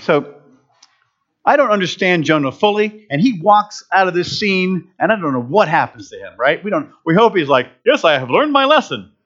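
A man's voice: sits high, normal speed. A man preaching a casual, humorous sermon, often restarting his phrases. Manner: animated, humorous, self-interrupting. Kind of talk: conversational sermon. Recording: dull lo-fi recording.

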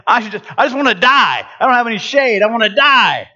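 A man's voice: very high voice, sing-song, brisk, sharp tone, muffled recording, pitched above the performer's own voice, heavily acted. A man voicing a whiny, sulking male prophet who complains shrilly, in a sermon.

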